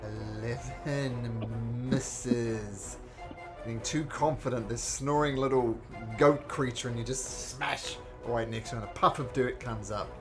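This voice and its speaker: A man narrating as game master in a tabletop game, describing attacks and rolls in a lively way. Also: mid-range voice, measured pace. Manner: lively, voices monsters and reads out rolls. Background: background music.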